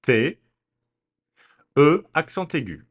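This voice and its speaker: A man teaching French pronunciation, speaking deliberately and spelling words out letter by letter in a slow drill. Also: fairly high pitch, very animated.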